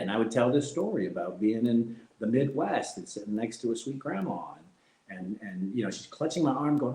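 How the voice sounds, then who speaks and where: A middle-aged man, a former fighter, speaking as an interview guest, reflective and animated as he tells anecdotes with frequent laughter. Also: mid-range voice, brisk, echoey room, rough recording. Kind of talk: candid interview storytelling.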